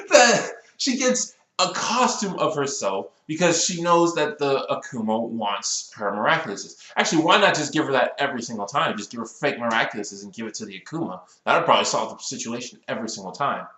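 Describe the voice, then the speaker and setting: A man in his twenties reviewing a cartoon episode in a casual rant, complaining in an exasperated, animated way that builds into outbursts. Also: medium pitch, a little fast, roomy sound, rough recording. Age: 20s.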